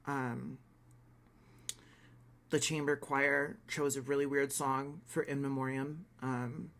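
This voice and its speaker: A man of middle pitch speaks in a casual reaction vlog. He is blunt and sarcastic, airs strong opinions freely, and swears offhandedly. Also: little pitch movement, takes it slowly, a bit bright. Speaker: vlogger.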